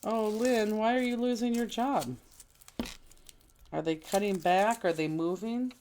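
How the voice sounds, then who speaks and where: A woman's voice: mid-range voice, fairly even intonation, measured pace, darkish tone. Brief: woman craft teacher, casual live class, chatty and exclamatory, faint hiss and clicks behind. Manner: chatty, exclaiming, fretful while searching.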